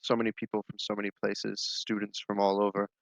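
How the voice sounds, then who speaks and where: A man playing his character in a tabletop role-play game, explaining things in a measured, scholarly way. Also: fairly low pitch, monotone, creaky, no room sound, low-quality recording.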